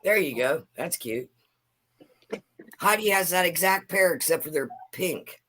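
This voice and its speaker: A woman's voice: lowish voice, a little slow, a little hiss or hum. Laughing woman telling a story. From Pennsylvania, USA. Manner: animated storyteller, laughs while talking. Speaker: chat participant. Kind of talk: casual group chat.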